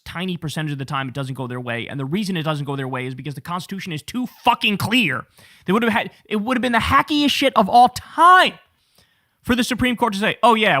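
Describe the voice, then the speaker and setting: A man hosting a political talk show, giving animated, profane commentary and mocking the people he talks about. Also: a little high, no room sound, clean studio sound. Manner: profane, mocking and animated, laughing at his targets.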